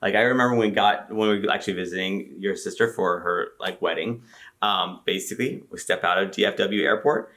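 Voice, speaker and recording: A man's voice: low-pitched, fairly quick, bright, forceful tone. A man realtor co-hosting a casual chat channel, easygoing and joking.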